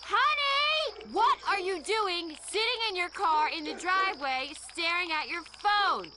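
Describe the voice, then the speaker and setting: Nagging suburban wife, shrill, sing-song, ad music. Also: female voice, expressive, a little slow, heavy background noise. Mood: suspicious. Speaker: wife in a radio-style ad. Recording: ad with music behind.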